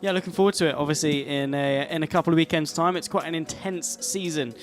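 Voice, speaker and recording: Brief: young English male co-commentator, rapid and a bit high, chatty, faint music under. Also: steady tone. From England. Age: young adult. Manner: chatty, rambling, many fillers and restarts. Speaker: karting co-commentator. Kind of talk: live race commentary. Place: commentary box at a race track.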